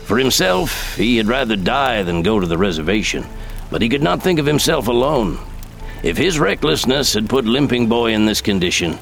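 A man reading a story aloud in measured, expressive audiobook narration. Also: fairly low pitch, creaky. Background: soft background music.

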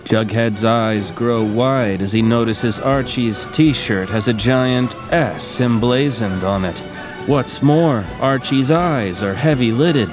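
A man reading scripted narration for an audio drama in a steady, even way. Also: medium pitch. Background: music.

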